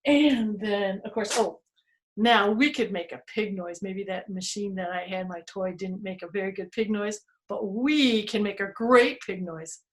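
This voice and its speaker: A woman hosting a children's museum storytime lesson, playful and animated, making animal noises and sound words for young kids. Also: medium pitch, measured pace.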